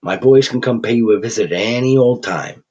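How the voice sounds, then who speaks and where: A man's voice: mid-range voice, normal speed, warm tone, husky, pitched above the performer's own voice, close to an everyday voice. A man playing a swearing thug. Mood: threatening. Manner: swaggering, swearing, threatening. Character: crude panicking male gangster thug. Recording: dull lo-fi recording.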